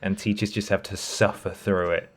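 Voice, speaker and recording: Low-voiced man, dry humour. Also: level tone, moderate pace. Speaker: podcast co-host. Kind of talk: casual chat.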